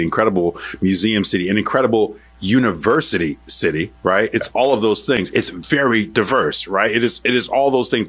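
A man's voice: fairly low pitch, a bit bright. A man hosting an interview, making his case in emphatic lists. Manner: emphatic, building arguments in lists. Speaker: interview host. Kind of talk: radio interview.

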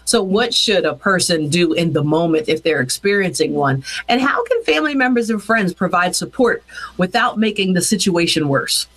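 A woman's voice: lowish voice, lively intonation, normal speed, fairly bright tone. A woman hosting a podcast, asking questions in a casual, playful way and speaking to her listeners directly while wearing headphones. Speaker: podcast host. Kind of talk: casual interview chat.

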